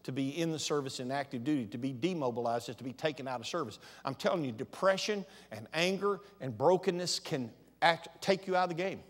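A man preaching a sermon as pastor, moving between soft, conversational asides and loud, emphatic passages. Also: on the high side, brisk, long reverb tail. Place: large church sanctuary.

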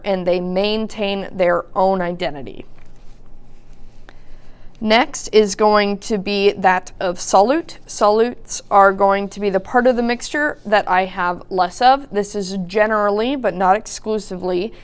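A woman teaching a recorded high school chemistry lesson, explaining patiently with occasional fillers. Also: smooth. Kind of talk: recorded lecture narration.

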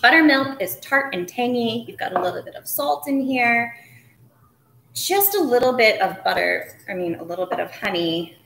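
A woman's voice: on the high side, very animated, normal speed, creaky, fairly bright tone, slight background noise. Brief: woman, cooking-show host, casual and chatty, mutters asides while working, roomy kitchen with dishes clinking faintly. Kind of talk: live cooking demonstration. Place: home kitchen.

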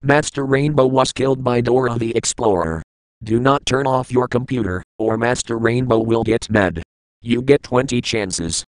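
A man voicing a flat, formal computer error announcer. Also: medium pitch, normal speed, clean tone, dry recording, close to an everyday voice, low-quality recording.

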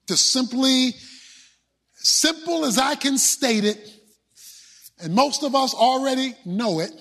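Pastor in his sixties, sermon; high husky voice, slow and deliberate with dramatic shouts. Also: expressive. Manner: emphatic, dramatic, bursts of shouting.

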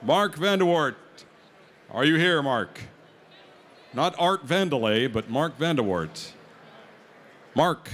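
A man's voice: mid-range voice, animated, takes it slowly, long pauses, a bit bright. A man emceeing a live food-eating contest, joking with contestants and hyping up the crowd. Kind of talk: live event announcing on a PA.

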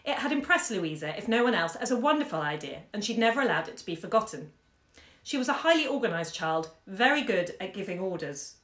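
A woman bookseller reading a short story aloud on a live stream from home, measured and lively in the dialogue. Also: mid-range voice. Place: home during lockdown. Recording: echoey room.

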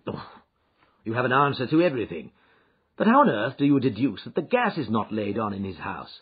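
Man reading as a wry doubting companion, husky. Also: medium pitch, very animated, brisk. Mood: skeptical. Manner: skeptical, wry. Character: good-natured male doctor companion, doubting. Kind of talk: audiobook character reading. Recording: dull, muffled audio.

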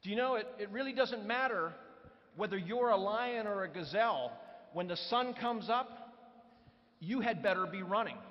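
A man delivering a motivational keynote speech, telling stories and putting questions to the audience. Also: high voice. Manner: storytelling, poses questions to the audience. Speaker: keynote speaker. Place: large conference hall. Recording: reverberant hall, dull lo-fi sound.

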